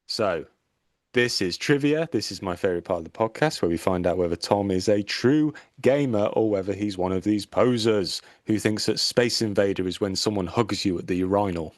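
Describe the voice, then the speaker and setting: Cheeky low-voiced man. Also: normal speed, no echo, clean studio sound. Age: 30s. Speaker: podcast co-host. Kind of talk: casual banter.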